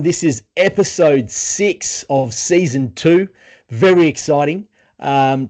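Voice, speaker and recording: A man's voice: on the high side, a little mellow. A man co-hosting a community rugby podcast, chatting upbeat and casually with his co-host and guests. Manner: upbeat, chatty, says mate. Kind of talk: casual chat.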